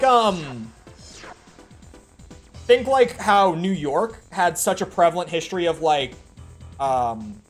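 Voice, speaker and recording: A man with a Minnesotan accent and a slightly high voice chats loosely while streaming a game. He rambles and fills gaps with "like" and "um" as he goes. Soft music plays behind him. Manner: rambling, filler-heavy, with frequent "like". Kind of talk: casual chat while playing.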